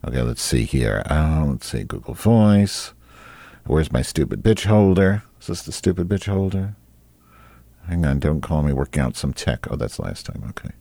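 Deep-voiced man hosting a crude live show. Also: big pitch swings, moderate pace, gravelly, warm tone, no echo. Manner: rambling, crude and teasing. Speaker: host. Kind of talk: casual live online talk show. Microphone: desk microphone.

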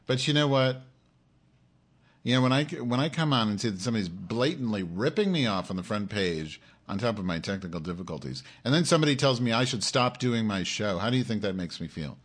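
A man's voice: on the low side, husky. A man hosting his own live-stream show, in an angry, profane rant aimed straight at his audience.

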